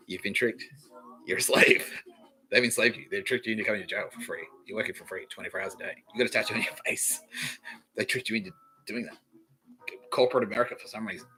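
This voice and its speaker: Aussie-raised guy rambling thru a story on his podcast, swears a lot, laughs, bright punchy voice. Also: lowish voice, animated, a little fast, pauses often, soft background music, low-quality recording. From Australia. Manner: rambling, profane, laughs often, acts out quoted voices. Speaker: podcast host. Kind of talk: casual comic storytelling.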